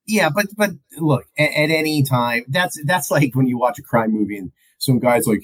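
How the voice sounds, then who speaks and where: A man co-hosting a podcast, giving a rambling, animated film review and acting out movie lines. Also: medium pitch, fairly quick, hardly any pauses, rough recording. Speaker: podcast co-host. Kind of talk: casual film review chat.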